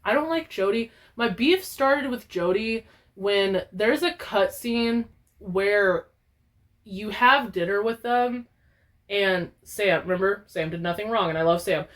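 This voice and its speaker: A young woman gaming vlogger, talking casually in an animated, profane, exaggerated rant. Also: mid-range voice, unhurried. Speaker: gaming YouTuber. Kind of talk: casual ranting vlog.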